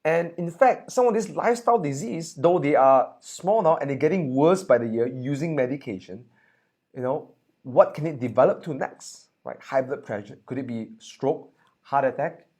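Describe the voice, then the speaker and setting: A man teaching a sales presentation seminar in an energetic, punchy way, often checking in with the audience. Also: fairly high pitch, moderate pace. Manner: animated, punchy, asks "right?" often.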